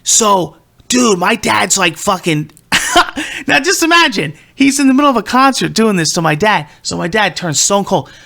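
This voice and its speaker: Male podcast host, 30s, bright gravelly voice, swears constantly and rambles as he tells a story. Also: high voice, moderate pace. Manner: profane, excitable, rambling. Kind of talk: casual storytelling.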